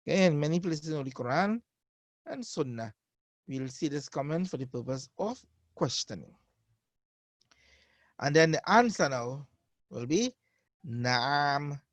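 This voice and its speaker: A man teaching a beginner Arabic class, patiently repeating each phrase slowly for his learners. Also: on the high side, dry recording. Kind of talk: online beginner language lesson.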